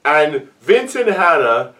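Animated man acting out film scenes. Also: on the high side, slow pace, distant mic. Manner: animated, acts out scenes with yelps and shouts. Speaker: podcast co-host discussing a movie. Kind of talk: casual chat.

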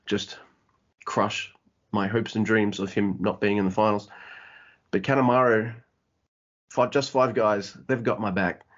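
A man co-hosting a casual wrestling podcast, excitable and sweary, acting out wrestlers' lines as he recaps. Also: mid-range voice. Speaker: podcast co-host. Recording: dull lo-fi audio.

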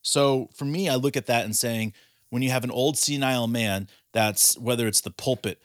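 A man co-hosting a casual sports talk podcast builds his argument by asking questions and answering them himself. His middle-pitched voice comes across dry and close, with no room sound, at a normal speed.

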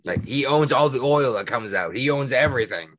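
A man's voice: medium pitch, lively intonation, brisk, a bit bright, no echo. A man hosting a podcast, chatting casually, opinionated and swearing, with many hesitant fillers. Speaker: podcast host.

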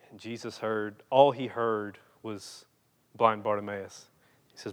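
A man's voice: lowish voice, steady tone, a little slow. Man, preacher, dramatic sermon, rhetorical questions, acted-out quotes, long hall reverb.

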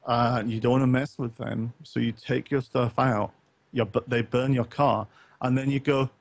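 A man thinks aloud in a loose late-night chat, circling back with "um"s and false starts and tossing in the odd swear word. His voice sits at an ordinary middle pitch. The sound is muffled and lo-fi, with a dry, close feel and no room around it. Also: fairly even intonation, normal speed, gravelly, dry recording. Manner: rambling, many fillers and restarts, casual swearing. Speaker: co-host of a gaming talk stream.

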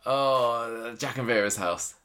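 A woman's voice: very deep voice, takes it slowly. A woman co-hosting a podcast, chatting casually and playfully with frequent laughter. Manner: giggly, playful, lively. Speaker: podcast co-host. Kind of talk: casual chat. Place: hotel room. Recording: slightly echoey room.

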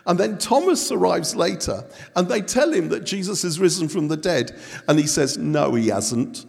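High-voiced joking preacher in a hall. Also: male voice, lively intonation, normal speed, creaky, breathy edge. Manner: jokey storytelling, bantering with the audience. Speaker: guest preacher. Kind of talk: humorous sermon. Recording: long hall reverb.

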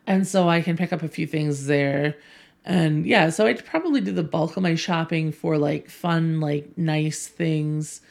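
A woman sits in on a relaxed podcast chat. Her voice sits on the low side with a gravelly fry running through it. She rambles through stories and breaks into laughter often. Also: a little slow. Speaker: podcast co-host. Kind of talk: casual chat.

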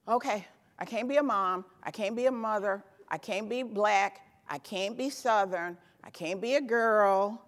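A woman in her fifties from Tennessee giving an animated, emphatic motivational keynote speech from a conference stage, hammering home punchy repeated phrases. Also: mid-range voice, normal speed. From Tennessee, USA. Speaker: keynote speaker. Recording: echoey hall with long reverb.

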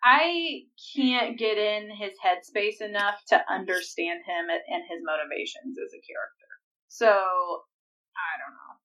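A woman's voice: medium pitch, unhurried, pushed and bright, recorded from a distance. A woman co-hosting a podcast in casual chat, frank and opinionated, laughing as she quotes scenes. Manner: frank, opinionated, blunt wording, laughs while quoting. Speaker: podcast co-host.

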